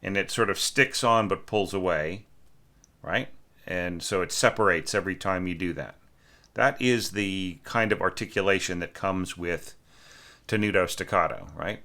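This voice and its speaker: Low-voiced male music teacher, bright forceful tone, casual score critique, scats rhythms. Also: normal speed. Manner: thinking aloud, many fillers, sings rhythms as syllables. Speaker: orchestration teacher reviewing a student score.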